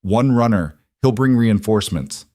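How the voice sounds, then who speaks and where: A man's voice: on the low side, animated, normal speed, mellow, no echo, clean studio sound, close to an everyday voice. A man voicing a tough female captain who speaks in clipped commands. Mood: commanding.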